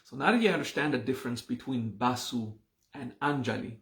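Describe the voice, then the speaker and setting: In an echoey room, a meditation and mantra teacher leads a live online class, unhurriedly explaining what words mean and checking in often with "okay?" His medium-pitched voice is expressive and a bit bright.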